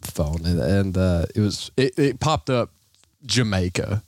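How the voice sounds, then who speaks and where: A man's voice: low-pitched, measured pace, no echo, studio quality. A man casually telling a funny story among friends, laughing often and acting out the people in it. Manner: animated, laughs often, acts out voices in his story.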